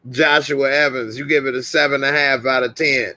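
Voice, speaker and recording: A man's voice: mid-range voice, steady tone, moderate pace, few pauses, pushed and bright. A man hosting a live reaction stream, casually reading out viewer comments and ratings in a laid-back, chatty way.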